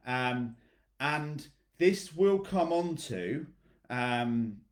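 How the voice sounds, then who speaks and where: A man's voice: mid-range voice, expressive, very slow. Male fitness coach with a blunt, motivational delivery who swears and keeps asking "okay?". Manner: addresses clients by name.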